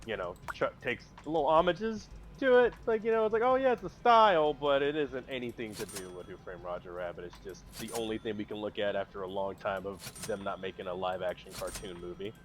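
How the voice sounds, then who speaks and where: A man chatting casually on a live stream, rambling excitably about movies with big jumps in pitch and loudness. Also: fairly quick, hardly any pauses. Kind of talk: casual chat.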